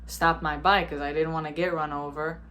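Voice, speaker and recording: Woman in her 20s vlogging, lowish voice, blunt, cusses a lot, acts out people in her stories. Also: fairly quick. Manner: blunt and emphatic, heavy swearing; animated storyteller, acts out others. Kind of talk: casual spiritual monologue.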